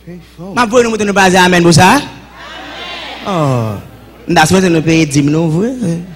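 A man giving a joking church welcome that swings into shouted preaching, bantering with the congregation. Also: sits high, animated, a little slow, some chatter behind, a little hiss or hum.

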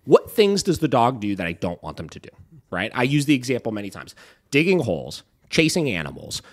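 A man's voice: medium pitch, wildly swooping pitch, a little fast. A young man hosting a dog training podcast, explaining emphatically in a casual way, often asking "right?" and swearing now and then.

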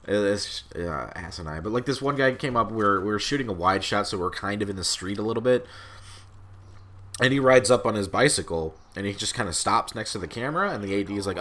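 Young male gameplay commentator, lowish pitch, bright tone, loose profane ramble. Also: expressive, brisk. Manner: rambling and profane, heavy with fillers. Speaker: gaming channel host.

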